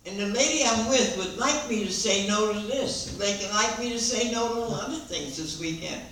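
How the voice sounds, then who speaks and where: An older woman giving a lively personal testimony to a meeting, acting out the dialogue as she tells it. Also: a little high, moderate pace, a little hiss or hum. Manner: lively storyteller who acts out dialogue and laughs along. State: hard of hearing. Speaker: recovery meeting speaker. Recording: echoey hall recording from far off.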